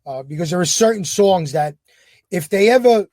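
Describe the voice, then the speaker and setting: A male podcast host with a high yet warm, dark-toned voice asks questions admiringly. He hesitates often and fills pauses. The sound is dry, with no room echo. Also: expressive. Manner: admiring, hesitant with many fillers. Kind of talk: casual interview.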